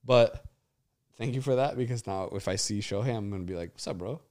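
A man's voice: fairly low pitch, fairly quick, darkish tone. Twenties guy cussing a lot, rambly jokey sports chat. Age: 20s. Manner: profane, joking, rambling. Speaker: podcast co-host.

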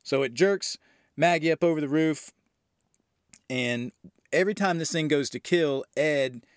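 A man's voice: a little high, unhurried, clear, resonant tone, no echo, studio quality. A man hosting a movie review podcast, recapping a horror film in a loose, enthusiastic way with frequent fillers and the odd swear.

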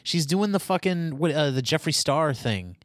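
A man's voice: on the high side, animated, moderate pace, no room sound, clean studio sound. A man co-hosting a casual podcast, making wry, sarcastic quips. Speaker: podcast co-host.

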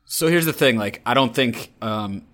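A man's voice: medium pitch, animated, normal speed, a bit bright. A man co-hosting a casual football podcast, rambling with fillers and dry jokes. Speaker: podcast co-host.

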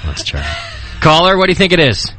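A man's voice: a little high, huge pitch swings, brisk, pushed and bright. A man hosting a radio call-in show, joking with his co-hosts and laughing often. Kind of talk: casual radio banter.

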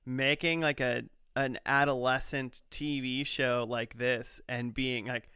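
A man with a bright, crisp voice chats loosely as a podcast co-host. He rambles and fills his talk with "like" and "you know". The sound is dry and close to the mic. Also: medium pitch, steady tone, slow pace, dry recording. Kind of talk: casual chat.

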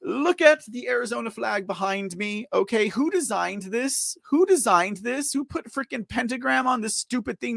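A man's voice: extremely high pitch, animated, unhurried, gravelly, a bit bright, no echo, clean studio sound. A man hosting a live online show, ranting with exasperation, laughing often and repeating himself as he talks to his viewers. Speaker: livestream news show host. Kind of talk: ranting live commentary, reading viewer chat.

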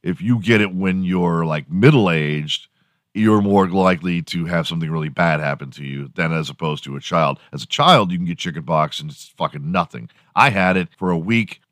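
A man hosting a morning show, rambling through a profane, animated solo monologue. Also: low-pitched, moderate pace, no room sound, clean studio sound. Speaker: podcast host.

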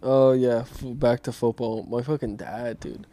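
A man's voice: mid-range voice, fairly even intonation, measured pace, warm tone. A man co-hosting a podcast, chatting casually in a rambling way with lots of fillers and swearing. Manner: laid-back, rambling with many fillers and profanity. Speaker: podcast co-host. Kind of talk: casual chat.

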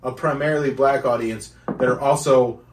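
A man's voice: medium pitch, fairly even intonation, moderate pace, slight background noise. A man hosting a casual comedy podcast, teasing his co-hosts and explaining things at length. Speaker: podcast host. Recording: roomy, distant mic.

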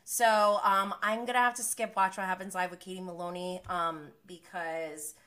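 Bright-voiced woman recapping a reality show. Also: lowish voice, normal speed. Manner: animated, blunt and swears freely. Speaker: live-streaming reality TV recapper. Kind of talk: casual recap chat.

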